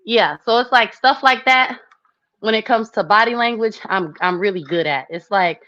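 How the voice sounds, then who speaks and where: A woman's voice: medium pitch, normal speed, pushed and bright, no room sound, lo-fi sound. Chatty woman hosting a live stream. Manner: chatty, laughs often, acts out what people said. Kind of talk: casual live chat to viewers.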